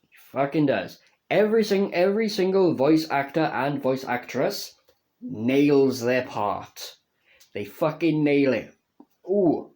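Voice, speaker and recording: A young man casually reviewing a video game, slow and halting, swearing constantly and restarting his words, earnest and emotional. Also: medium pitch, a little mellow.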